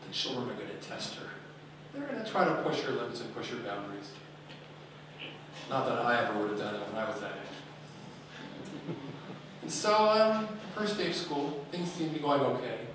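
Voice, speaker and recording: Animated storyteller man in echoey hall. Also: mid-range voice, normal speed, pauses often, noisy background. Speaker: speaker. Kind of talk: storytelling talk. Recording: echoey hall, speaker far from mic.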